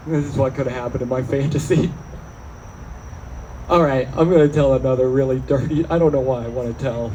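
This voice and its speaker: A man performing a stand-up comedy set, deadpan and self-mocking, slipping into quoted voices. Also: medium pitch, fairly quick, a little hiss or hum, poor audio. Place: small venue, live audience.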